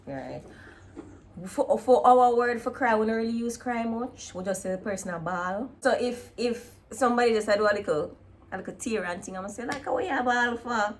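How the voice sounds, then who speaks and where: A woman with a Jamaican accent hosting a casual video chat, relaxed and laughing often as she slips into patois. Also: on the high side, normal speed. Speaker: vlog host. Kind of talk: casual chat comparing dialects.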